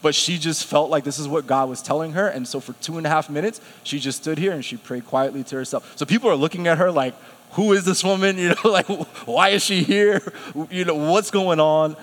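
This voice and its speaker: Guy preaching in church, kinda high voice, animated storytelling, long hall echo. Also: quick pace, hardly any pauses. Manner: animated, laughs often, quotes himself. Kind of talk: sermon storytelling. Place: church sanctuary.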